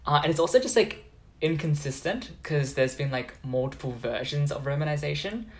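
A man's voice: on the high side, animated, fairly quick. A young man chatting casually on a podcast, rambling with lots of filler words. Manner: rambling, heavy use of filler "like". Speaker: podcast co-host. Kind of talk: casual chat.

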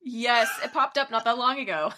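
A young woman co-hosting a casual podcast, quick and expressive, laughing often. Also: on the high side. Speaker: podcast co-host. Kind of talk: casual chat.

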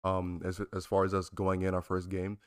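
A man's voice: low voice, completely flat delivery, normal speed, smooth, no room sound, clean studio sound. A man co-hosting a casual gaming-streamer chat, talking earnestly with lots of fillers and cursing freely. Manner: earnest, filler-heavy, swears freely when joking. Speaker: streamer and podcast co-host. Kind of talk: casual banter.

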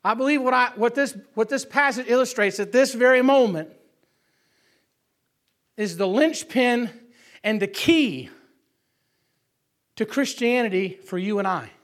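A man preaches a sermon in a very high voice. His tone is bright and forceful. He swings between loud, emphatic calls and quiet asides, often asking the room for an amen. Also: unhurried, pauses often.

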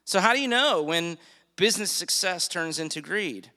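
Male pastor delivering a sermon; emphatic, asks the room questions, bright tone, reverberant hall. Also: high voice, expressive. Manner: emphatic, slows for key phrases, asks the congregation questions.

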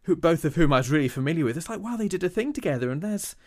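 A man's voice: fairly high pitch, expressive, rapid-fire, darkish tone. A man from Britain chatting enthusiastically, acting out little quotes of his own reactions. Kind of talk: casual chat.

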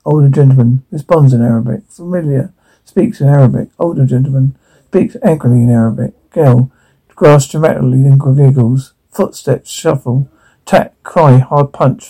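A man's voice: medium pitch, vocal fry, warm tone, slightly rough, rough recording. A man reading a drama scene aloud, its sounds and dialogue, with stumbles and restarts as he goes.

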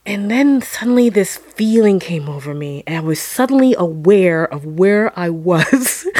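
A woman telling a personal story dramatically, dropping into hushed whispers and then rising into loud outbursts. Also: lowish voice, animated, measured pace, few pauses, dry recording.

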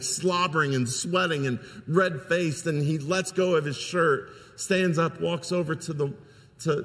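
A man's voice: a little high, long reverb tail. A male pastor preaching a sermon, telling a story earnestly with frequent restarts.

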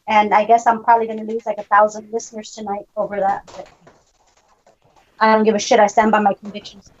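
A woman's voice: medium pitch, completely flat delivery, fast. A woman co-hosting a podcast in casual chat, brash, boisterous and swearing freely. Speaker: podcast co-host. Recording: dull lo-fi call audio.

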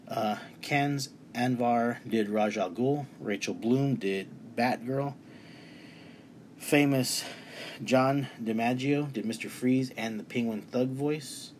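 A man's voice: medium pitch, slow, slight background noise. A man in his thirties talking casually in his bedroom about a film he loved, enthusiastic and emotional, rambling with restarts. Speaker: movie reviewer. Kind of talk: casual movie review.

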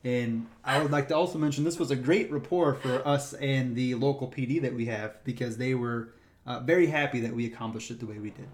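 A man with a mid-range voice chats casually, recounting stories from his work as a park ranger. He tells them in a lively way and plays out the voices of the people involved. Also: medium pitch, brisk. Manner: animated retelling, acts out the people in his stories. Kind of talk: casual storytelling chat.

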